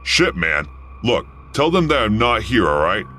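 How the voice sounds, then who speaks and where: A man voicing a panicky, foul-mouthed rough man in trouble, snapping out curt lines. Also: fairly low pitch, big pitch swings, measured pace, bright, forceful tone, slight background noise, heavily acted. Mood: angry.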